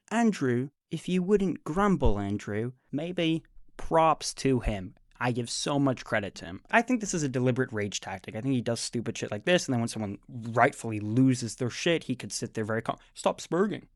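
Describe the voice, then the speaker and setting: A man's voice: mid-range voice, expressive, fairly quick, no echo, studio quality. A man giving angry reaction commentary on a debate clip, ranting and swearing, with mocking impressions of the debaters. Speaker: commentary YouTuber.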